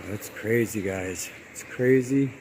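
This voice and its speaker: A man's voice: lowish voice, takes it slowly, a little mellow, slight background noise, low-quality recording. A man filming a casual walking vlog outdoors by a canal. He sounds amazed, repeats himself and addresses his viewers, and he is out of breath from climbing. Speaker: vlogger exploring brick ruins.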